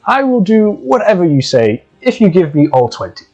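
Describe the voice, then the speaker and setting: A man voicing a sly, greedy living suit of armor that hungers for souls, in a low oily mutter. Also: sing-song, normal speed, a little mellow, muffled recording, soft background music. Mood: scheming.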